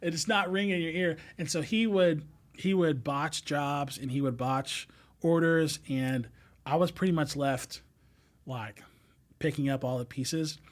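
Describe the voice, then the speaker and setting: A man's voice: a little high, unhurried. A man telling stories as a podcast guest, talking casually with lots of fillers and restarts and laughing as he goes. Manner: rambling, many fillers and restarts. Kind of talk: casual storytelling chat.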